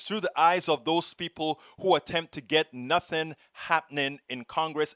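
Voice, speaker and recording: A man hosts a political commentary show, speaking with emphatic, indignant energy. His voice sits somewhat high for a man. The recording is close and dry, with no room sound. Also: a bit bright, dry recording.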